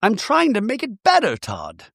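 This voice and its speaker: A man voicing an emotional, glamorous wife in a high, pleading falsetto. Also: wildly swooping pitch, normal speed, vocal fry, fairly bright tone, dry recording, studio quality, exaggerated voice.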